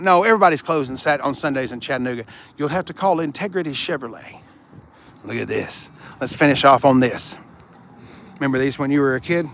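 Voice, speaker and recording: A man's voice: on the high side, fairly bright tone, slight background noise. A man chatting casually and profanely, reading viewer comments aloud while he walks a car lot. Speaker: car vlogger. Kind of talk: live-stream walkaround chat. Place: car dealership lot outdoors.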